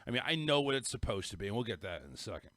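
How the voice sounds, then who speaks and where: Rambling, animated Northern US man. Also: fairly low pitch, rapid-fire, no echo. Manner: rambling storyteller, repeats words, restarts sentences. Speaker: podcast host. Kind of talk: casual chat.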